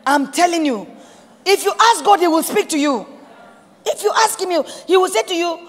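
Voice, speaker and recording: Nigerian woman pastor, high voice, emphatic sermon delivery, long hall reverb. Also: animated, fairly quick. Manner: emphatic, repetitive preaching with quoted prayers.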